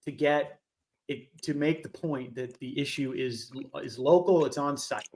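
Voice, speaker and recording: A man co-hosting a podcast in casual chat. He jokes, laughs often and chimes in with quick comments. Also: mid-range voice, darkish tone. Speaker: podcast co-host. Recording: audible background noise on his mic.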